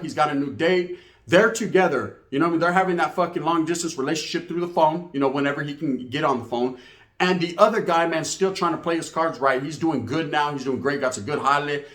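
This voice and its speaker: Man, street storytelling monologue, slangy and profane, higher-pitched, echoey room. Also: quick pace. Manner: slang-heavy, profane, animated. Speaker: storyteller host.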